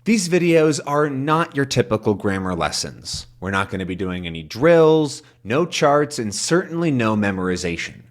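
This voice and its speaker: A young man gives a relaxed English lesson, his voice rising and falling widely as he explains. He taps out rhythms by chanting syllables, thinking aloud as he goes. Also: mid-range voice, moderate pace, few pauses. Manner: lively, demonstrates stress by chanting syllables. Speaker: English teacher.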